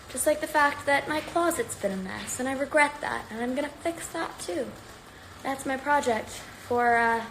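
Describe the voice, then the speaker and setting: A chatty woman with a fairly high voice, talking casually to her viewers on a livestream. She rambles in an upbeat way and sounds slightly out of breath from exercising. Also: a bit bright, slight background noise, low-quality recording. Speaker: livestream host. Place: at home.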